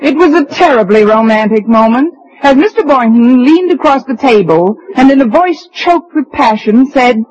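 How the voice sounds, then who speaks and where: Wisecracking teacher, dry sarcasm, animated delivery, lo-fi old radio sound. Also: female voice, high-pitched, normal speed, hardly any pauses, a little hiss or hum. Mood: narrating. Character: wisecracking woman schoolteacher, dry and sardonic. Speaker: lead actress and narrator. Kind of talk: 1950s radio sitcom acting. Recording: dull lo-fi old radio recording.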